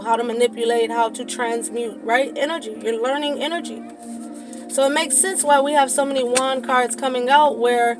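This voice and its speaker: A woman with a high-pitched voice talks through a tarot reading, casual and profane, until she turns to impassioned preaching. Music plays clearly behind her.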